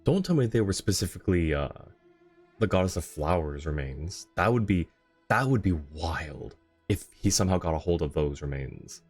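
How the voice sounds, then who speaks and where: A man's voice: low-pitched, animated, moderate pace, a little mellow, slightly rough, soft background music. A man streaming a video game, chatting casually, laughing often and going off on rambling asides. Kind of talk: casual live commentary.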